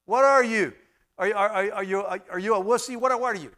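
A man voicing a pushy male bar buddy who badgers his friend to keep drinking, loud and high-pitched. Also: brisk. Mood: badgering.

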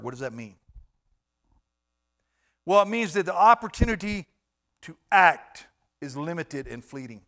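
A man's voice: fairly high pitch, sing-song, measured pace, long pauses, bright, forceful tone. A pastor preaching a sermon, emphatic and repetitive as he exhorts his congregation.

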